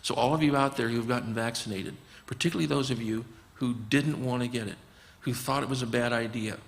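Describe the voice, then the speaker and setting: A man's voice: medium pitch, steady tone, brisk, vocal fry, long reverb tail. A man, a physician guest, talking earnestly and explaining his approach, often acting out conversations with patients. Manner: earnest, acts out dialogues with patients.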